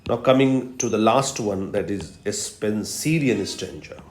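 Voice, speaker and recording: A man giving a recorded literature lecture, explaining patiently and repeating key terms slowly for emphasis. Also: fairly low pitch, animated, a little hiss or hum. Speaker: literature professor. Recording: roomy echo.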